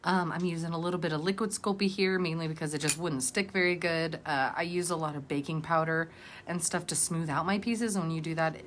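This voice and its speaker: A woman's voice: low voice, steady tone, a little fast, a bit bright, slight background noise. A woman vlogger narrating a casual crafting tutorial in a rambling, chatty, self-deprecating way.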